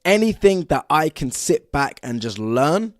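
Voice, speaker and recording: A young man from the south of England with a southern English accent, talking solo as a podcast host in an excitable, energetic way, with frequent fillers. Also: a little high, measured pace, no echo, studio quality.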